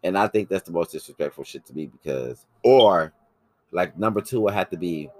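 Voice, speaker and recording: Very deep-voiced man, brash and profane. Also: brisk. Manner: brash, profane, animated storytelling. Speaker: podcast host. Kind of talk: casual chat.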